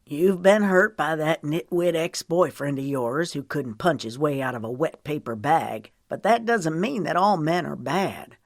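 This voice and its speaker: A woman's voice: sits low, animated, unhurried, hardly any pauses, no room sound, studio quality, exaggerated voice. A woman voicing a guarded man in an audiobook who turns firm and clipped when pressed. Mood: irritated.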